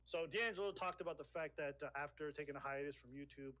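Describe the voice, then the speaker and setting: A male interviewer lays out a question at a measured pace, pausing on "uh" as he goes. His voice sits a little high for a man. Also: pushed and bright, poor audio. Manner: measured, hesitant with "uh".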